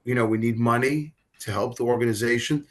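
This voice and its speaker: A middle-aged rabbi talking as a guest in an emotional interview, halting and repeating words as he speaks. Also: medium pitch. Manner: halting, repeats words, stammers when moved.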